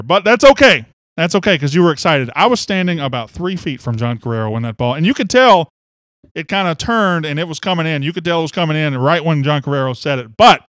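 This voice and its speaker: A man hosting a sports podcast in casual chat, excitable and teasing, swinging from loud bursts to quiet asides. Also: a little high, no echo. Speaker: podcast host.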